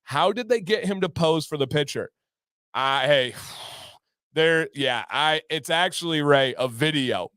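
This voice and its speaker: A man hosting a casual livestream, answering chat by name and reacting in a lively, talkative way. His voice sits a little high for a man. It sounds close and dry, with no room echo. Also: a little slow, clean tone. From Michigan. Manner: chatty and animated, laughs often, repeats phrases, reacts to chat by name. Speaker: livestream host. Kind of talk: casual livestream chat, reading viewer comments.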